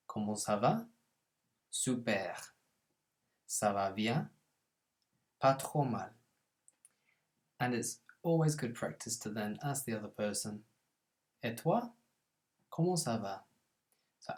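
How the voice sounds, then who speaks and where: Speaking in a mid-range voice, a man teaches a scripted French lesson, pronouncing every French phrase slowly with emphasis before giving a calm, simple explanation of it.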